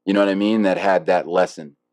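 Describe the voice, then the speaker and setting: Deep-voiced man musing in interview. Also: fairly even intonation, quick pace, a little mellow, dry recording. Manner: rambling and reflective, many fillers and restarts. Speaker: harpist guest. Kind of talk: casual interview talk.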